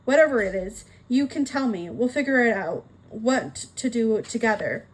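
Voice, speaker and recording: A woman reading a gentle, reassuring merman dad. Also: on the high side, expressive, normal speed, close to an everyday voice. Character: gentle protective merman father.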